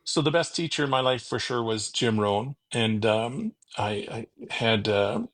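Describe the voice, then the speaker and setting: A man's voice: medium pitch, animated, measured pace, a bit bright. A middle-aged man, a podcast guest, telling rambling self-deprecating stories in casual chat and acting out the people he quotes. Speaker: podcast guest, car finder.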